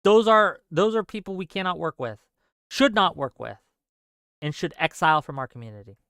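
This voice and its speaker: A man hosting a political livestream, his voice smooth and crisp on a close mic. He speaks with passion, says points twice over and keeps asking his audience "right?" The sound is dry, with hardly any room around it. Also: fairly high pitch, very animated, normal speed, a bit bright, dry recording. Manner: impassioned, repeats himself for emphasis; checks in with listeners with "right?". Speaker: livestream host.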